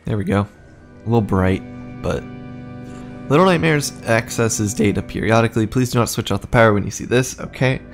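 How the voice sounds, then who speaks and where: Male streamer, lowish voice, casual gameplay chatter, soft music under. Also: moderate pace. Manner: chatty, swears, reacts aloud.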